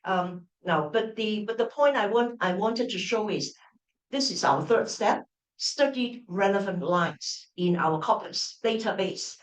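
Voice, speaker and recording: Slow-spoken woman lecturing. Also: medium pitch, far from the mic. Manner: frequent restarts, checks in with "right?" and "all right?". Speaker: university professor giving a lecture. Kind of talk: open-day lecture. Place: lecture room. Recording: echoey lecture room.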